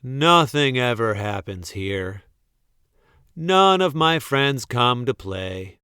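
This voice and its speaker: A man reads a children's story aloud at a slow, unhurried pace. His voice is smooth and clear, with a close, dry sound. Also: medium pitch, no echo. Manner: slow, gentle, expressive storytelling. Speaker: storybook reader.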